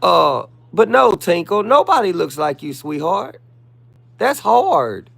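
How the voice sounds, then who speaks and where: A man's voice: sits high, sing-song, slow pace, vocal fry, a bit bright. A man hosting a live stream, sassily and theatrically roasting a commenter in mock-pleading asides. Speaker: livestreamer.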